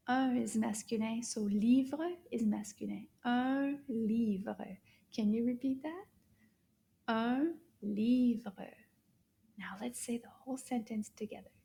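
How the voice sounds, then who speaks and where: A woman teaching French to young children, slowly repeating words for them to echo, with soft whispery asides and warm praise. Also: on the high side. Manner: puppet-style play with a pineapple friend. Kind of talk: slow, encouraging kids' language lesson.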